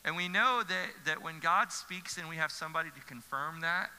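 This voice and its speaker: A man's voice: fairly high pitch, a little fast, bright, forceful tone, smooth. A man, a pastor preaching an earnest sermon with emphatic repetition. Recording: church hall reverb.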